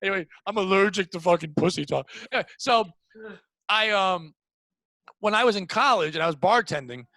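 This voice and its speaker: A man rants his way through crude podcast banter, his voice pitched very high and leaping all over the place. The sound is dry and close, with nothing of the room around it. He swears freely as he tells his stories. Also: a little fast, no room sound. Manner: animated ranting storyteller, swears a lot. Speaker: podcast co-host.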